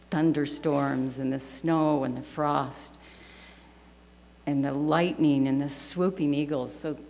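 A woman with a low voice leads a scripture lesson, reading verses aloud earnestly and reverently. She speaks slowly and deliberately. Her voice rings with a long hall reverb over a faint hum. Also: creaky, darkish tone. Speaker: class teacher.

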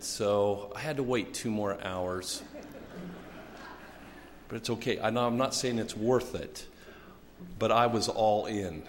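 A man's voice: lowish voice, unhurried, long pauses, long reverb tail, slight background noise. A man giving an earnest, folksy church talk from a pulpit, with ums and asides. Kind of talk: sermon-style church talk.

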